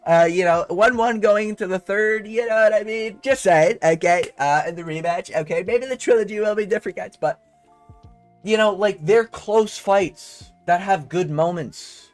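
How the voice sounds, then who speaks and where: A young man ranting in casual commentary, profane and fired-up, with a steady stream of fillers and asides. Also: high-pitched, moderate pace, faint music behind. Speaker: commentary vlogger. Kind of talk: casual rant.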